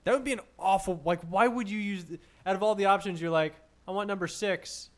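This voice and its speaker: A young man chatting casually with friends, making deadpan jokes and laughing often. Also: sits high, fast talker. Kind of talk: casual group chat.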